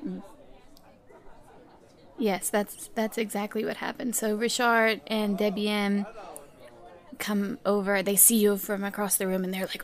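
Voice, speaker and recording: A woman running a tabletop game as game master, chatty and animated. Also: mid-range voice, measured pace, long pauses, some chatter behind.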